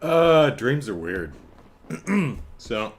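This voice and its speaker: Male podcast host, unhurried and wry, with a lively rise and fall, talking from home. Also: medium pitch. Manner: chuckling, wry storytelling with frequent restarts. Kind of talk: casual solo podcast chat. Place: home, apartment.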